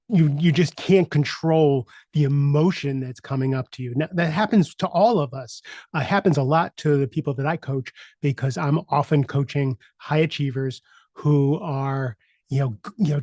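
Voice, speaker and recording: A middle-aged man, a podcast host and executive coach, telling a personal story in a casual, halting way with many fillers and restarts. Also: fairly high pitch, darkish tone, no room sound.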